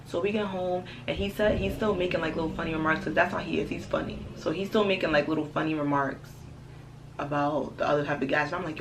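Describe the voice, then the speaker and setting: A young woman telling a storytime on her vlog, animated, slangy and profane. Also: deep voice, a little fast, slight background noise, poor audio. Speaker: vlogger. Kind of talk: casual storytime.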